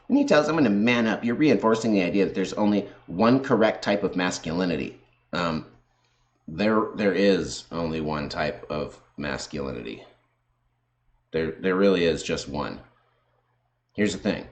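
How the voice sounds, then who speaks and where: A man with a lowish voice rants at his viewers in combative commentary. He is sarcastic and swears constantly as he argues his points. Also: animated, normal speed. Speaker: video host. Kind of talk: profane ranting commentary.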